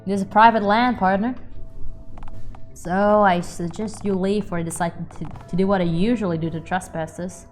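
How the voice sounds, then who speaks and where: A woman putting on a gruff cowboy recluse with a drawl. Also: steady tone, faint music behind, lightly acted. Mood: threatening. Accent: put-on cowboy drawl. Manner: curt, threatening, low and measured. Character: gruff reclusive cowboy man guarding his shack. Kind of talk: reading a visual novel aloud with voices.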